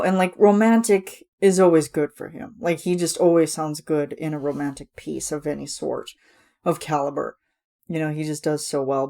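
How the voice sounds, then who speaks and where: A woman's voice: sits low, darkish tone. Rambling, gushing woman podcast host. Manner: rambling, enthusiastic, many fillers. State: voice getting ragged. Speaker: podcast host reviewing a music video. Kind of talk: casual chat.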